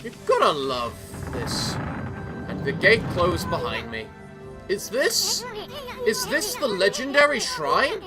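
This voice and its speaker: A woman's voice: medium pitch, big pitch swings, takes it slowly. A woman hosting a let's play, giving playful, casual gameplay commentary and stumbling over names. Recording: game music behind.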